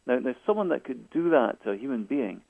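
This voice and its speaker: Gravelly man on a tinny phone line. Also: medium pitch, big pitch swings, fairly quick, no echo. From Scotland. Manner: hesitant, many restarts and repeated words. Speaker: guest author. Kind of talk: phone interview storytelling.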